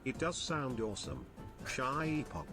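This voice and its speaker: A text-to-speech voice reading out chat messages in a flat delivery. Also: medium pitch, a little slow, soft background music.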